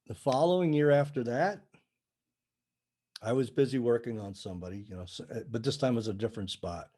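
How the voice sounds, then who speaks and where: A man's voice: mid-range voice, brisk. A man who works as a sound healer, telling a story in a casual chat and acting out the dialogue. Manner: animated storyteller, acts out dialogue. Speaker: sound healing practitioner, podcast guest.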